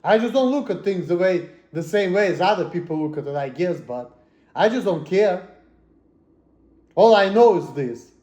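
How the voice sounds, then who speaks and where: A high-voiced man rants to the camera, cursing constantly. He swings between low muttering and sudden shouts. The room around him gives the voice a noticeable echo. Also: lively intonation, normal speed. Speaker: vlogger. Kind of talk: angry personal rant.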